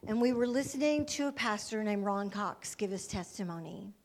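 A woman's voice: medium pitch, expressive, normal speed. A woman giving a missionary testimony as a sermon, telling her story with fervor and acting out the voices of the people in it.

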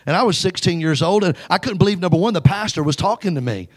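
A man preaching from the pulpit, with a voice pitched a little above the usual male range. He tells his story with emphasis. Now and then he urges the congregation to call out and answer him. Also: expressive, fast. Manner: exhorting the congregation to call back. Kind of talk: storytelling sermon.

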